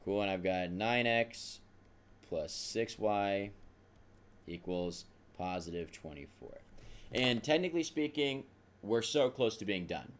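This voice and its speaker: A man's voice: deep voice, slight background noise. A man teaching a math lesson, talking through the steps aloud in a casual, self-deprecating way. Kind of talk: recorded math lesson at a whiteboard.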